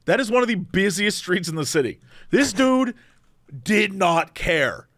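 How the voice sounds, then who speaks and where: A man co-hosting a podcast, telling a story in an animated, rambling way and often cutting himself off. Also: high voice, a little slow, no echo, studio quality. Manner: animated, rambling, self-interrupting. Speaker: podcast co-host. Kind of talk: casual storytelling chat.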